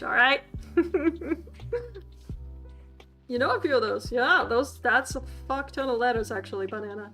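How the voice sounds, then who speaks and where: Lady streamer, high bright voice, giggles a lot while teaching, faint music behind. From Sweden. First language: Swedish. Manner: giggly, laughs often, playful and chatty with chat. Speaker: streamer teaching a language class. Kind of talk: livestreamed language lesson.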